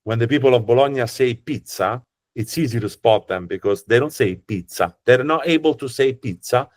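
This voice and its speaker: A man's voice: medium pitch, normal speed. A man with an Italian accent, a tour guide who explains in a chatty, joking way with frequent restarts. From Italy. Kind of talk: casual explanatory talk.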